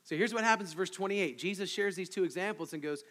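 A man preaching an expository sermon as pastor, conversational and animated, with frequent asides to the congregation. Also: sits high, fast talker, in a large hall.

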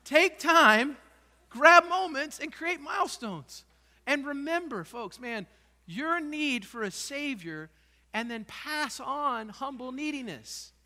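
A high, bright-voiced man preaches a passionate sermon, pushing his voice up to emphatic peaks. His words ring out with the long reverb of a church hall. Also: lively intonation, slow pace. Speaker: pastor. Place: church sanctuary.

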